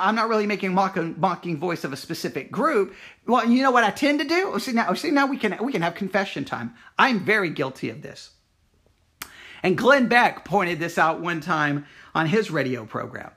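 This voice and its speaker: A man's voice: high-pitched, a bit bright. A man from Texas hosting a Christian talk program, speaking in a casual, rambling monologue with frequent restarts and fillers. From Texas, USA.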